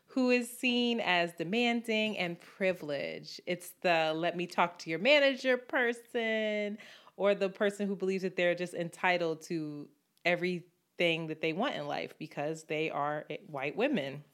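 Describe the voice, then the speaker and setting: A woman co-hosting a casual podcast chat, telling stories in an animated, indignant way with frequent swearing. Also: fairly low pitch, measured pace. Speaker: podcast co-host.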